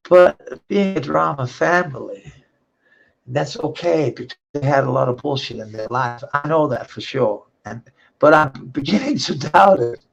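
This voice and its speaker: Slow, gravelly man rambling profanely. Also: a little high, lively intonation. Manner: profane, rambling, laughs between thoughts. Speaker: vlogger. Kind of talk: rambling personal monologue. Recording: dull lo-fi recording.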